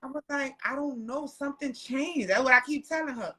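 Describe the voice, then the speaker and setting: A woman, telling personal stories as a podcast guest in loud, profane, laughing casual chat. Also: sits high, fairly quick.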